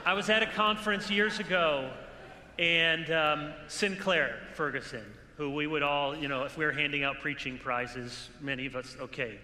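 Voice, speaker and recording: A man's voice: fairly high pitch, normal speed, bright, forceful tone, slight background noise. Man preaching in an echoey hall. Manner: earnest, exhorting, with dry humor. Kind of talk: conference sermon. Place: large hall with an audience. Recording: echoey hall with long reverb.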